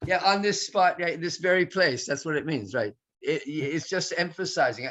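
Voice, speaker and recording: A man's voice: a little high, moderate pace, few pauses, fairly bright tone. A man teaching a Sanskrit class, patiently explaining grammar with many restarts and fillers.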